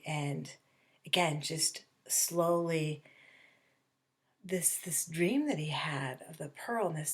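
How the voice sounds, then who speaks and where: Woman teacher, middle-aged, somewhat low voice, rambling remote lesson, fillers and restarts. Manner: acts out characters' lines in quick bursts. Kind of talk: remote lesson talk on a novel.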